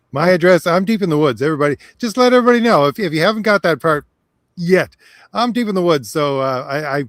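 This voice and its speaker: A man from Canada chatting casually as a co-host, easygoing and quick to laugh. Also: on the high side, expressive, no room sound, studio quality. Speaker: podcast co-host. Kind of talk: casual chat over a video call.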